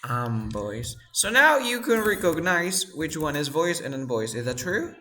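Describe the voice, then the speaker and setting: Male teacher, unhurried, drills sounds over and over. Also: fairly high pitch, sing-song, pushed and bright, slight background noise. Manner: slow, repeats sounds and words, asks the class questions. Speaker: English teacher. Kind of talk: pronunciation lesson.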